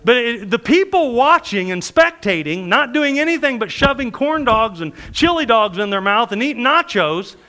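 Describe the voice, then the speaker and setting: With an extremely high-pitched voice, this preacher moves at a moderate pace and seldom pauses. His sermon is full of stories in which he acts out the people involved, laughing often and staying animated.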